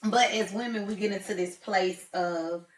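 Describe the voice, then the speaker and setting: A woman's voice: mid-range voice, steady tone, normal speed. A chatty, teasing woman hosts a casual talk show. Her voice sounds roomy and a little distant from the mic. She keeps the chat loose and playful.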